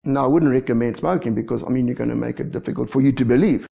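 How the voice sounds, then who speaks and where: A man preaching a lively sermon as pastor, often checking in with the congregation. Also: mid-range voice, quick pace, vocal fry. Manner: lively preaching with frequent call-and-response asides. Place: church. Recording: dull lo-fi church recording.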